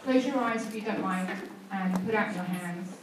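A woman's voice: medium pitch, moderate pace, noisy background. Woman preaching in an echoey hall. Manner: conversational storytelling, rising to fervent exhortation. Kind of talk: sermon with prayer. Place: church hall. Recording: very echoey church hall, heard from a distance.

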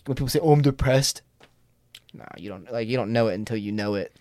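A man's voice: on the low side, rapid-fire, darkish tone, no room sound. A young man in casual podcast chat, rambling, swearing a lot and laughing often. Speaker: podcast guest.

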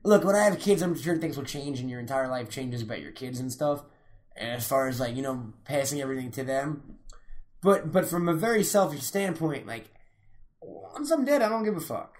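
A man's voice: medium pitch, fairly quick. Brash, profane man in casual chat.

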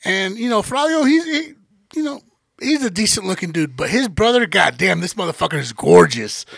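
A man with a high voice and a bright, gravelly edge tells a story on a podcast. He swears freely and acts out every scene as he goes, with a husky, raspy grain to his tone. The sound is close and dry. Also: moderate pace, no room sound. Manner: animated, profane storyteller. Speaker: podcast host. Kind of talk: casual storytelling chat.

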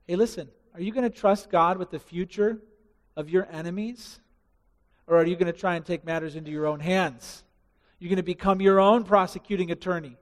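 A man preaching a sermon with passion, building to loud rising emphasis and dropping to hushed asides. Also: sits high, steady tone, moderate pace, long reverb tail. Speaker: pastor.

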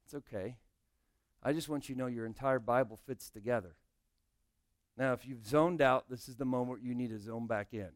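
A man's voice: mid-range voice, normal speed, no echo, clean studio sound. A male pastor preaching a sermon, explaining scripture and speaking directly to his congregation.

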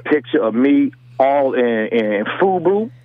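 A man's voice: mid-range voice, expressive, a little slow, narrow, tinny audio. A man talking as a guest in casual comedic chat, slangy and filling his talk with the same catchphrases. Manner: slangy, repeats "dawg" and "you hear me".

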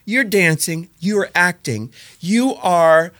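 A man's voice: sits high, slow, fairly bright tone. A middle-aged man co-hosting a podcast in casual chat, playful and teasing with a theatrical flair. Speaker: podcast co-host.

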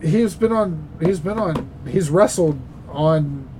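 An easygoing man with a fairly high voice co-hosts a casual wrestling chat. He speaks hesitantly and often restarts his sentences as he works out his opinions. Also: slow, warm tone, poor audio.

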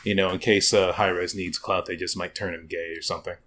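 A man's voice: sits low, steady tone, fairly quick, a bit bright, slight background noise. A young man in casual gaming chat, rambling and sarcastic with lots of slang.

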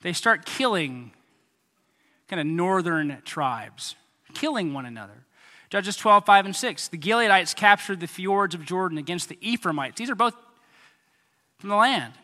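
A man preaching a sermon as pastor, animated, acting out voices and making sound effects. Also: high-pitched, unhurried. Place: church hall. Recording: hall reverb.

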